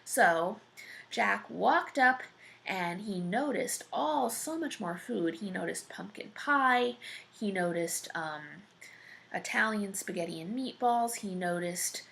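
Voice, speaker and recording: Gravelly woman rambling through a story. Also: mid-range voice, lively intonation, slow, a bit bright. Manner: rambling, profane, full of fillers. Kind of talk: casual improvised story narration.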